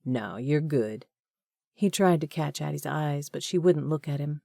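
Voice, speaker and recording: Low, mellow woman narrator. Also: steady tone, moderate pace, creaky, no room sound, clean studio sound. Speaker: audiobook narrator. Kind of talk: scripted audiobook narration.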